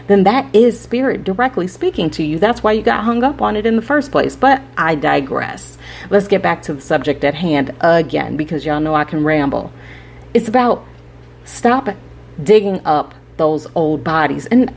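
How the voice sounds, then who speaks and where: A woman with a lowish voice and darkish tone hosts a spiritual podcast, with a little hiss or hum in the audio. She rambles and preaches advice directly to her listeners, often checking in with "right?".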